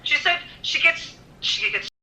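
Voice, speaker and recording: Guest, woman from Minnesota, very bright voice, lively storyteller on a video call. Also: high voice, a little slow, slight background noise, rough recording. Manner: animated storyteller, frequent laughter. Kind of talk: casual chat.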